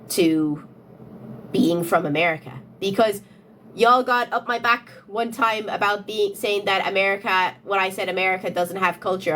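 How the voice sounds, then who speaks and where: A woman's voice: medium pitch, a bit bright, slight background noise. A young woman talking to her phone camera, questioning commenters insistently with repeated rhetorical questions. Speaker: content creator answering comments. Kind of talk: casual talk-to-camera rant.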